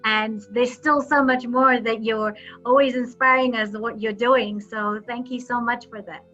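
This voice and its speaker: Bright, encouraging woman hosting a call. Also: on the high side, fairly even intonation, measured pace, dull audio, faint music behind. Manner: encouraging, chatty. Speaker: host. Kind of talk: online meeting hosting.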